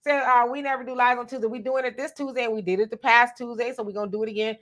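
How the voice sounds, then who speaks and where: Woman, fairly high voice, from Southern California, casual live-stream co-host, animated storyteller. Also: rapid-fire. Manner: animated, talks straight to viewers, tells stories.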